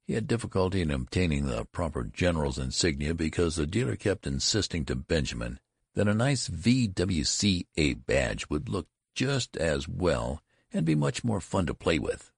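A male narrator reading a classic story in a measured, expressive way. His voice is extremely deep with a gravelly fry and a husky edge, and the recording is close and dry. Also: no room sound. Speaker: audiobook narrator. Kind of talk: scripted narration.

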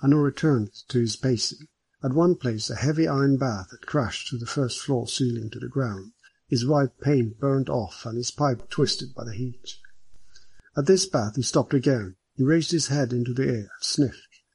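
A man narrates a detective story in an audiobook reading, measured and even. His voice sits at a middle pitch with a husky, breathy grain. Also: no room sound.

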